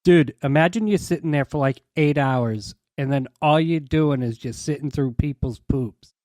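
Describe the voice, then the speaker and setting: A man co-hosting a casual podcast, playful and quick to laugh. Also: a little high, darkish tone, dry recording, studio quality. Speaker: podcast co-host. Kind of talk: casual chat.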